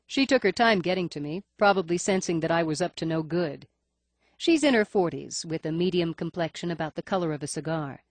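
A woman's voice: lowish voice, no room sound. A woman reading a first-person detective story aloud in a wry, matter-of-fact manner. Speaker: audiobook narrator. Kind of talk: first-person scripted narration.

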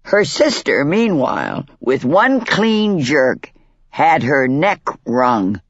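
Slow, husky man telling a wry fable. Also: on the high side, huge pitch swings, dry recording, dull audio. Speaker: narrator. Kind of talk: scripted narration of a fable.

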